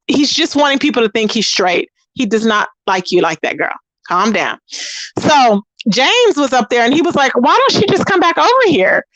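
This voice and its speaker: A woman with a fairly bright tone and no echo hosts a casual gossip commentary channel. Sassy and dramatic, she talks straight to her viewers, calling them "child" and "baby," and her voice swoops dramatically up into high exclamations.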